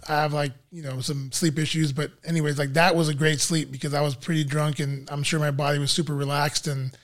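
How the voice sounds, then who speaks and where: Laid-back man with a higher voice. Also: level tone, fairly quick. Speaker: guest. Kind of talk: casual storytelling.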